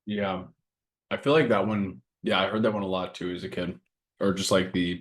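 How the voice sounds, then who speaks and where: A man co-hosting a casual podcast, talking earnestly and reading a list of sayings aloud in a steady way. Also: sits low, moderate pace. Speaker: podcast co-host and coaching business owner.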